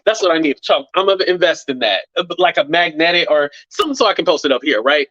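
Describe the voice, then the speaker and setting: A fast-talking man with a slightly high voice runs his own YouTube commentary channel, and the recording is muffled with no echo. He addresses viewers casually and animatedly, swears, says "blah, blah," and performs quotes in mocking voices.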